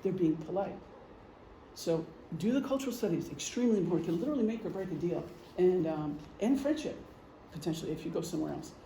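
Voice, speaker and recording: High-pitched yet dark in tone, this middle-aged man talks fast and animatedly. He's giving a casual, conversational presentation to a group in a meeting room, full of examples and ums, recorded with echo and a faint hum.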